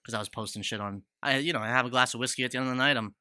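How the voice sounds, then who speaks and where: Blunt, profane man with a bright voice. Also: mid-range voice, racing, no echo, studio quality. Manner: blunt, profane, fired-up rants. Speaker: podcast co-host, MMA fighter. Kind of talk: casual chat.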